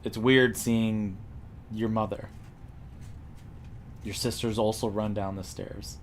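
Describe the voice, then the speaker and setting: A man narrating a tabletop role-playing game as game master, describing scenes in a relaxed way with fillers. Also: fairly low pitch, slow, a little hiss or hum.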